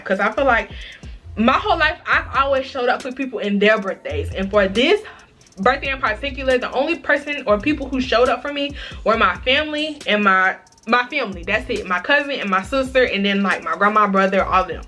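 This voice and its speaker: A young woman chatting through a casual storytime vlog, dramatic and expressive, often calling her viewers y'all. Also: a little high, a little fast, faint music behind. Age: young adult. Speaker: vlogger.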